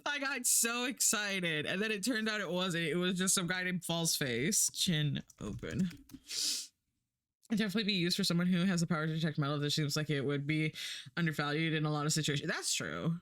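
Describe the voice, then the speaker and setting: A woman's voice: lowish voice, brisk, a bit bright, no echo. Chatty woman streamer, rambling and laughing. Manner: rambling, chatty, laughs often, swears casually. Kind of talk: casual live-stream chat while working.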